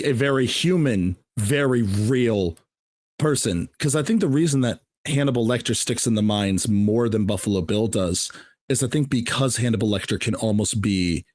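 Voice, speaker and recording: A man's voice: medium pitch, darkish tone, dry recording, studio quality. An American man co-hosting a film podcast, talking in a loose, rambling way. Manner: rambling, full of fillers and restarts. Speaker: podcast co-host. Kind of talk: casual chat.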